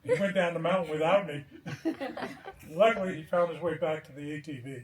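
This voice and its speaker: Speaking at a moderate pace in a slightly high voice, a eulogy speaker chuckles his way through stories about the departed at an outdoor memorial. He sounds distant and echoey, with a crowd audible in the background.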